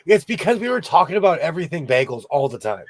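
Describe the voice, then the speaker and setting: A man's voice: fairly high pitch, big pitch swings, fast talker, no room sound. A man hosting a casual sewing chat, jokey and chatty, laughing often. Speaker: host of a sewing chat show.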